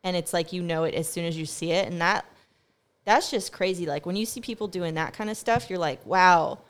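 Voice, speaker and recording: A woman's voice: lowish voice, fairly quick. A young woman talks in a loose, rambling monologue. She is sarcastic, swears freely and laughs often as she goes. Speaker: vlogger.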